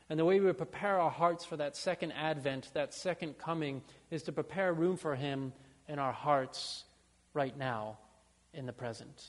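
A man delivering a church sermon, his fairly high voice carrying through a long-reverb hall. He preaches earnestly, climbing into fervent, repeated pleas and then sinking to quiet, low phrases. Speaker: pastor.

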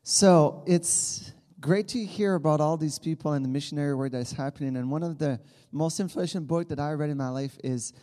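A man's voice: a little high, brisk, hardly any pauses, warm tone, in a large hall. A man in his thirties from Quebec with a Quebec French accent, a native French speaker giving an earnest church talk as a campus missionary. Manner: earnest, with many restarts.

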